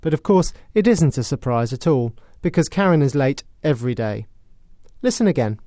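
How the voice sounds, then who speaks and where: A British man presenting a scripted English lesson, explaining clearly in a measured way. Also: medium pitch, sing-song, dark tone, dry recording, clean studio sound. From Britain. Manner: clear, measured, explanatory, with acted sarcastic example lines. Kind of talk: scripted educational narration.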